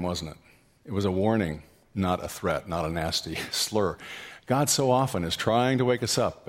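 Preaching man in a reverberant hall. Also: fairly low pitch. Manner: storytelling, rising to loud animated peaks; asks the congregation questions. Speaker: pastor. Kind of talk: sermon. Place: church hall.

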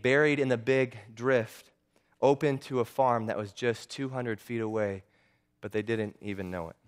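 Earnest male storyteller. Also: medium pitch. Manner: earnest, with occasional stumbles and repeats. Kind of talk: storytelling narration.

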